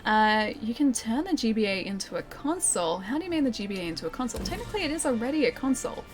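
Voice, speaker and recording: A woman's voice: fairly high pitch, very animated, fast talker, soft background music. A young Australian woman chatting casually while streaming a game, reading chat aloud and laughing often. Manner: chatty, giggly, reads chat aloud and answers.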